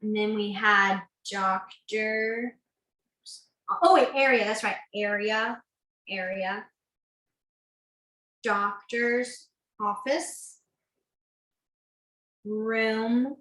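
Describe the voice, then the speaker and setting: A woman's voice: medium pitch, fairly even intonation, extremely slow, long pauses, pushed and bright, echoey room, low-quality recording. A woman teaching a beginners' sign language class, chatty and self-correcting, laughing easily. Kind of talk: online class instruction.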